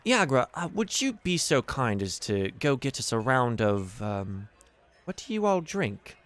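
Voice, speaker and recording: A man's voice: mid-range voice, very animated, a little slow, fairly bright tone. A man voicing a genial retired male adventurer who works as a sly, friendly faction contact.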